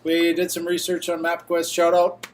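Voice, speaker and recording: A man vlogging at a baseball stadium in a loose, joking way. His voice sits a little high, and he often lets sentences trail off into mumbles. Faint ambient noise hums behind him. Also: monotone, moderate pace. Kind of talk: casual travel vlog chat.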